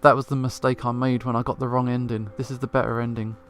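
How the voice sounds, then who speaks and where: A man's voice: mid-range voice, flat delivery, quick pace. A man hosting a let's play, giving laid-back, chatty commentary between the game's lines. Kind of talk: gameplay commentary.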